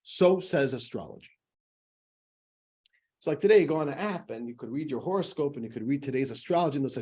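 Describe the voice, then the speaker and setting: A man's voice: mid-range voice, expressive, fast, long pauses, mellow, slightly rough. A man teaching a class as a rabbi, in a chatty, joking style full of fillers. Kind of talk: casual classroom lecture.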